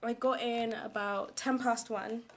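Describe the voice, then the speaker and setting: A woman's voice: on the high side, steady tone, a little slow. A young woman chatting casually in a vlog, rambling with lots of fillers. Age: young adult. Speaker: vlogger teaching abroad. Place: home kitchen, indoors.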